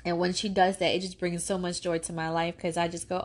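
A woman's voice: fairly low pitch, flat delivery, a little fast. A woman in her thirties with a lilt speaks as a podcast host on faith and parenting. She talks earnestly, like a preacher, circling back to repeat key phrases for emphasis. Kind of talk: faith-based parenting talk.

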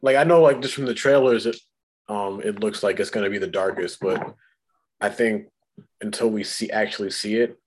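A man co-hosting a podcast, speaking in a hesitant, halting way with many fillers in casual chat. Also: lowish voice, breathy edge. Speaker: podcast co-host.

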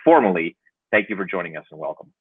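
Host, male, low husky voice, halting delivery, tinny dry phone-line sound. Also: lively intonation, no room sound. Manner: hesitant, many fillers and restarts. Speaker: podcast host, contact center manager. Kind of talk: conversational interview hosting.

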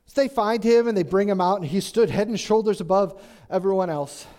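A man's voice: high voice, brisk, darkish tone. A man preaching a conversational sermon, chatty and joking, asking the congregation questions. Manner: chatty, asks the congregation questions, jokes in asides.

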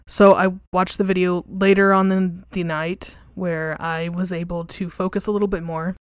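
A woman's voice: fairly low pitch, level tone, normal speed, clear, resonant tone, dry recording, clean studio sound. A young woman hosting a podcast, telling a ghost story in a candid, profane, casual way with lots of fillers. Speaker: podcast host. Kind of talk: casual storytelling about hauntings.

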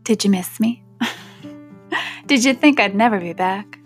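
A woman's voice: medium pitch, takes it slowly, soft background music. A woman hosting a reading podcast, chatting casually with listeners and making joking asides. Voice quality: gravelly fry. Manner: chatty and self-deprecating, aside-prone. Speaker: audiobook podcast host and reader. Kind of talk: casual chat and reading aloud.

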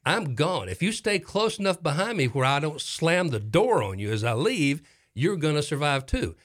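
A middle-aged talk show host with a slightly high voice and moderate pace tells a dramatic story. His delivery is casual and animated, and he repeats phrases for effect.

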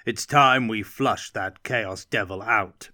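A man's voice: on the low side, takes it slowly, bright, forceful tone, no room sound, studio quality, exaggerated voice. A man voicing a cold, suspicious nobleman who interrogates curtly and gives stern commands. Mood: cold commanding.

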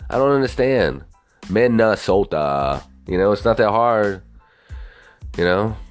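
A man's voice: on the low side, moderate pace, faint music behind. A young man hosting a podcast, ranting casually with lots of swearing and rambling asides. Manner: profane, rambling, animated. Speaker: podcast host. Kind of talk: casual solo podcast rant.

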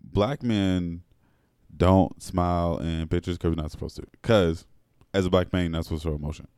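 Host, young man, very low dark voice, blunt, laughs a lot, dry close sound. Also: fairly even intonation, moderate pace, clear, resonant tone, no room sound. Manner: laughs often, blunt and profane. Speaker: podcast host. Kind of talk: casual chat.

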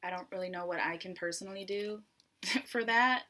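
Young woman, podcast co-host, bright voice, chatty and giggly. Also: medium pitch, moderate pace. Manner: chatty, laughs often, trails off and restarts. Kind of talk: casual chat.

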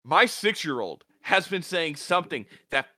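A man chatting on a podcast as a guest, his bright voice jumping all over in pitch. He sounds exasperated and swears freely. The sound is dry and close, with no room around it. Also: very animated, normal speed, dry recording. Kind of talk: casual podcast chat.

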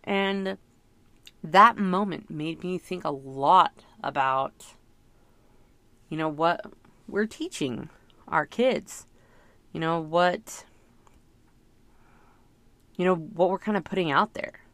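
A woman's voice: fairly low pitch, slow pace, long pauses, fairly bright tone, dry recording. A middle-aged woman talking through her thoughts in a casual, rambling, reflective monologue, full of fillers. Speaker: parent sharing reflections.

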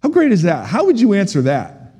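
Middle-aged male pastor, lively sermon voice, mellow tone, long reverb of a church hall. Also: high-pitched, a little fast, husky. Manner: animated, humorous, asks the congregation questions.

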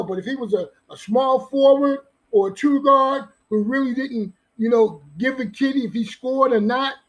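Male podcast host, very high voice, emphatic and preachy solo sports rant. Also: rough recording. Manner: emphatic, preachy, repetitive street-talk delivery. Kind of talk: energetic solo sports talk.

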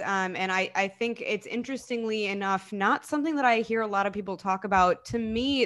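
Woman, podcast guest, enthusiastic, conversational, medium pitch. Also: a bit bright. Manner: enthusiastic, conversational, frequent fillers. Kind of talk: casual sports podcast chat.

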